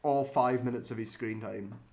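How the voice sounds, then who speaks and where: A man's voice: mid-range voice, fairly even intonation, normal speed, darkish tone. A man co-hosting a podcast, reacting bluntly and swearing in casual film chat. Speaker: podcast co-host. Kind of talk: casual chat reviewing films.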